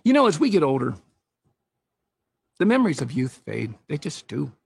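Lively, husky-voiced middle-aged man. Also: fairly high pitch, moderate pace. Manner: storytelling with scripture quotes, animated. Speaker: speaker on parenting. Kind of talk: faith-based parenting talk.

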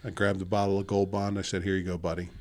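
A man's voice: low voice, completely flat delivery, quick pace. A man, co-hosting a casual podcast chat and telling stories that act out quoted dialogue. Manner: storytelling, acts out quoted dialogue. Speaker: podcast co-host.

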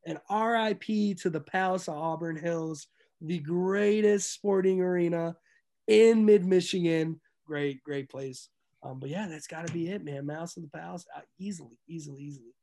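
A young man, a podcast guest, telling a sports story in casual chat, animated and loud at the peaks, dropping to low asides, laughing through it. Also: normal speed.

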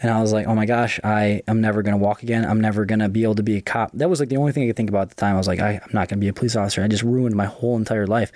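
A young man casually telling his own story, profane and chatty, with quick asides. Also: fairly low pitch, steady tone, a little mellow, dry recording, studio quality.

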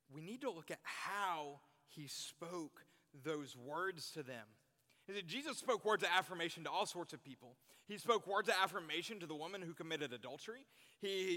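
A man's voice: on the high side, sharp tone. Earnest young man preaching in a hall. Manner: earnest, repeats key phrases for emphasis. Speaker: youth pastor. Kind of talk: sermon. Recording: long reverb in a hall.

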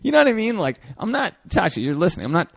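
A man hosting a podcast in relaxed conversation, with a gravelly edge to his voice and a pitch that swings up and down. He rambles, restarts his sentences and laughs often. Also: quick pace, no room sound, studio quality. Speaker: podcast host. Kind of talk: casual chat.

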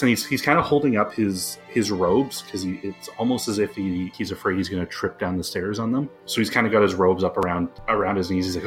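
A man narrating as game master in a relaxed, rambling way. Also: deep voice, brisk, few pauses. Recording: faint background music.

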